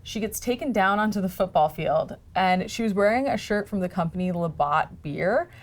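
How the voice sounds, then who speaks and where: A woman's voice: medium pitch, lively intonation, moderate pace. A woman hosting a podcast, recounting celebrity stories in a chatty, gossipy way. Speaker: podcast host. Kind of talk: casual chat.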